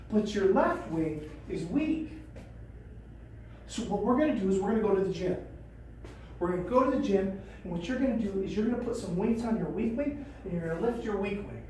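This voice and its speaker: A woman's voice: mid-range voice, darkish tone, a little hiss or hum, lightly acted. A woman voicing an encouraging male coach who gives patient instructions. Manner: coaxing, instructive. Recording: echoey room from a distance.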